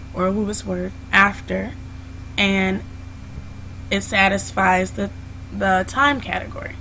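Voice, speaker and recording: A young woman teaching a recorded grammar lesson in a patient, step-by-step way. Her pitch sits in an everyday middle range, and she keeps circling back with "so" to restate each point. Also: a bit bright, slight background noise, poor audio. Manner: patient, explains step by step with many "so"s. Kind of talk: classroom video lesson.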